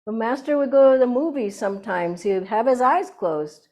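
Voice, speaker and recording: An older woman giving an inspirational satsang talk as a spiritual teacher, telling anecdotes in a lively way and laughing often. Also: a little high, normal speed.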